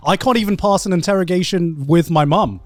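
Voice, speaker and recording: A man's voice: high voice, brisk, a little mellow, no echo. A man co-hosting a podcast, chatting casually and chuckling as he tells stories. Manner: laid-back, chuckling storyteller. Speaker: podcast co-host. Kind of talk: casual group chat.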